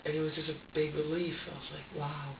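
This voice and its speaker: A man's voice: fairly high pitch, monotone. An agitated man speaks in a slightly raised voice, stumbling over restarts as he gives his account. He is recorded from a distance in an echoey interview room, and the sound is muffled and a little noisy. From upstate New York. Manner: agitated, halting, many restarts and curses. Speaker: suspect being questioned. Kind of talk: police interrogation statement.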